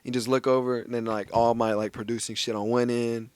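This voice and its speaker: A man's voice: medium pitch, flat delivery, brisk, smooth, dry recording. Profane young man telling loose stories. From Texas. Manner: loose, profane storytelling with put-on voices. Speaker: podcast co-host. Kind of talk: casual chat.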